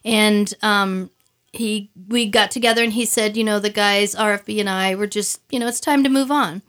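A woman's voice: mid-range voice, normal speed. A middle-aged woman chatting as a guest, telling stories and acting out quoted voices. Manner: animated storyteller, acts out quoted voices. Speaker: guest, stage performer. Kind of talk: casual radio chat.

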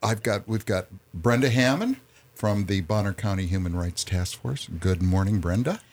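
Low-voiced male radio host. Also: moderate pace, darkish tone. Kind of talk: casual radio chat and press-release reading.

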